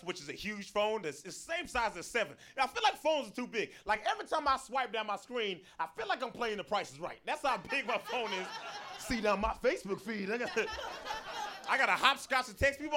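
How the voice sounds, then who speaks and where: A man's voice: sits high, sing-song, brisk, pushed and bright. A young man doing a stand-up comedy set, telling self-mocking stories with lots of asides to the crowd.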